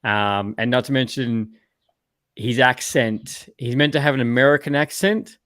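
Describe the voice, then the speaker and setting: A man chats over a video call, rambling and ranty, sometimes swearing. His voice sits at a middling pitch for a man. The sound is dry, with little room around it. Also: normal speed, a bit bright, no room sound. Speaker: podcast host. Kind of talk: casual chat.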